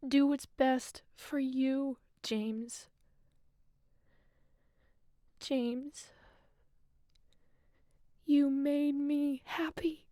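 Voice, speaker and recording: A dying wife speaks her last letter in a soft, intimate, half-whispered voice. Her tone is mellow and dark, close and dry, and she talks slowly, lingering on each word. The sound is that of a voiced video game scene. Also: sits high, fairly even intonation, dry recording. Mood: pleading.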